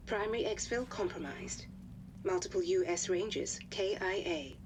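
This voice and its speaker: A woman voicing a formal military briefing officer in a game cutscene, delivering a crisp, clipped report. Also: medium pitch, a little hiss or hum, natural voice.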